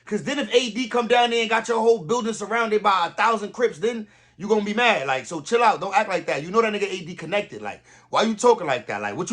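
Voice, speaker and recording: A young man hosting a reaction video, talking in casual slang with animated disbelief. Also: sits high, breathy edge.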